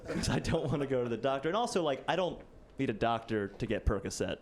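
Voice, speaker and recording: A man's voice: mid-range voice, lively intonation, fairly quick, a crowd in the background. Self-deprecating young male stand-up comic. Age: late 20s. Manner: casual, self-deprecating, lots of "like". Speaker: stand-up comedian. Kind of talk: stand-up comedy set. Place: stage before a live audience.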